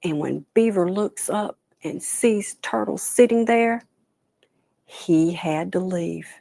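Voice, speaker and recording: Woman folktale teller, gravelly texture, close dry recording. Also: lowish voice, dry recording. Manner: animated, dramatic pauses, soft whispered asides. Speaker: storyteller. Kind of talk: traditional folktale telling.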